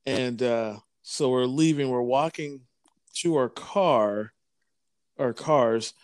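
A man's voice: mid-range voice, slow pace, clear, resonant tone, dry recording, studio quality. A man telling a story in a casual chat, rambling with many restarts. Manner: rambling, lots of fillers and restarts.

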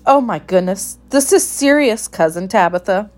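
A woman's voice: a little high, measured pace, pitched above the performer's own voice, lightly acted. A woman voicing a grown female cousin who talks in urgent, flustered bursts. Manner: urgent, breathless pleading.

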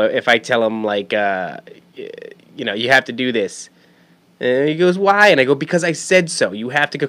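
A man speaking as a father in a loose, unscripted monologue. He talks at a middle pitch, rambles, swears often and restarts his sentences, repeating words as he finds his way. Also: a bit bright. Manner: rambling, profane, many restarts. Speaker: father talking about his son. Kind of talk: casual monologue.

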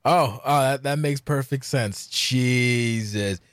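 A man hosts a casual interview at middle pitch, loose and joking. He stumbles over his words and repeats them, and the sound is close and dry. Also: takes it slowly, fairly bright tone, dry recording. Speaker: podcast host.

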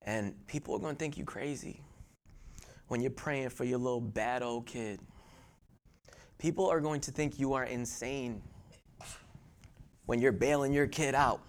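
A middle-aged male pastor preaching a sermon in church, building to loud emphatic peaks and then dropping to hushed storytelling, often repeating words as he restarts. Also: mid-range voice, unhurried, long pauses, a little hiss or hum.

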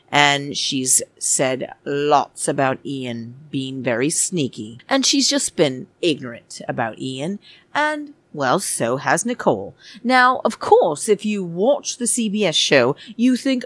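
A woman's voice: low voice, no echo. A woman hosting a chatty, gossipy recap, sarcastic and full of pet names for her viewers. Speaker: show recap host. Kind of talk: casual commentary recap.

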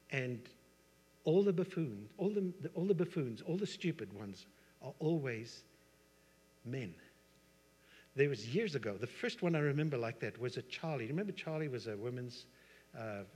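The recording carries long hall reverb around a husky, mid-range male voice. It belongs to a middle-aged pastor with a South African accent, whose sermon is conversational and full of asides and rhetorical questions aimed at the congregation.

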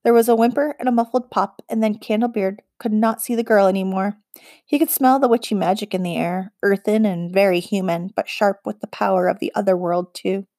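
A woman narrating a children's fantasy audiobook in an even, expressive storytelling voice. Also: mid-range voice, a little fast, no room sound, clean studio sound. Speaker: audiobook reader.

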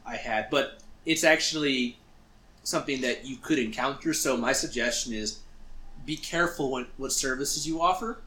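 A man's voice: medium pitch, moderate pace, roomy sound. A man co-hosting a podcast, telling a story casually and acting out what he said. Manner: animated, acts out quotes of himself. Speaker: podcast co-host.

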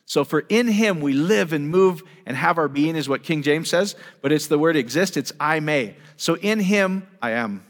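A man's voice: a little high, expressive, moderate pace, few pauses. Guy preaching, all fired up and chatty, lots of "isn't that cool?" questions, church hall with a long echo. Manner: enthusiastic, conversational, full of rhetorical questions. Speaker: pastor. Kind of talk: sermon teaching. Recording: long reverb of a large hall.

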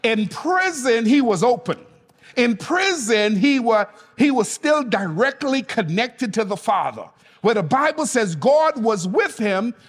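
Preacher guy, slow and animated, calls out to the church, big echoey hall. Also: very high voice. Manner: emphatic, calls on the congregation to respond. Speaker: pastor. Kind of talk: sermon.

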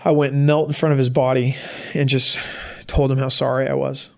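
A young adult man giving a personal testimony to an audience, halting and emotional, with many restarts. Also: medium pitch, level tone, vocal fry, darkish tone. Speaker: guest speaker.

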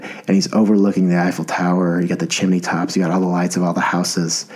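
A man's voice: low voice, fairly even intonation, fast talker, darkish tone, breathy edge. A man in his thirties hosting a podcast, rambling in an enthusiastic, self-deprecating way. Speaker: podcast host. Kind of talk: casual podcast monologue.

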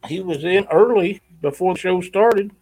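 A man's voice: high voice, normal speed, a little mellow, husky, low-quality recording. A man co-hosting a live stream giveaway in a casual, folksy way, reading chat comments aloud.

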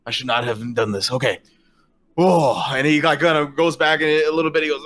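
A man's voice: fairly high pitch, fairly quick, a bit bright. Rambling male game master. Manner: rambling, filler-heavy. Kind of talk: narrating a tabletop game.

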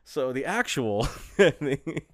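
A man's voice: mid-range voice, animated, drawn-out words, no echo. A man co-hosting a podcast in a casual, jokey chat, laughing often and rambling through his stories. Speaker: podcast co-host.

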